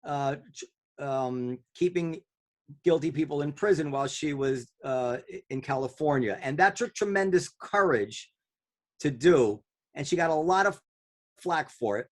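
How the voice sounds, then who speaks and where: Expressive and unhurried, this man hosts a casual round-table podcast in a slightly higher voice. His talk is loose and conversational, wandering and circling back, packed with ums, fillers and phrases he starts over.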